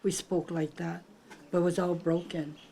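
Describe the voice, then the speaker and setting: An older woman from Hawaii with a Hawaiian Pidgin-tinged accent rambles through memories of her grandparents, often searching for words as she chats. Her lowish voice is gravelly and warm, level in tone and at a normal pace, with a little hiss or hum in the background.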